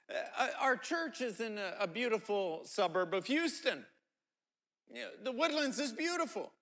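A man preaching a sermon as pastor, telling animated stories and often repeating his words. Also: extremely high pitch.

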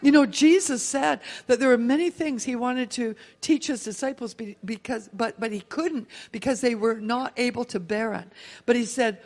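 A woman preaching a sermon, telling a personal testimony with lively, emotional storytelling. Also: a little high, moderate pace. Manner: animated storytelling, laughing and emotional.

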